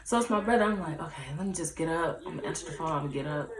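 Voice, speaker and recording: Speaking very fast in a low voice, a young adult vlogger recounts a personal story to her camera from an echoey room. She keeps it casual and chatty, acting out dialogue and using lots of fillers.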